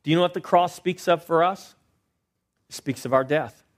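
A pastor preaching a sermon, swinging between loud emphasis and hushed asides and asking rhetorical questions. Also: male voice, on the high side, moderate pace. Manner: asks the congregation rhetorical questions.

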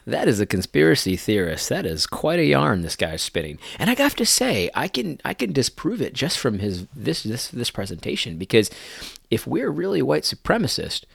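Man, commentator, gravelly, lively pitch, incredulous, mocking, frequent restarts. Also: moderate pace, no echo, clean studio sound. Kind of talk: commentary on video clips.

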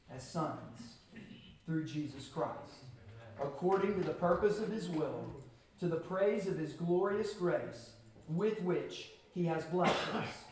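A man preaching a sermon as pastor to his church, with earnest emphasis and pauses. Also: fairly high pitch, a little mellow. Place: church sanctuary. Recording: very echoey hall, from a distance.

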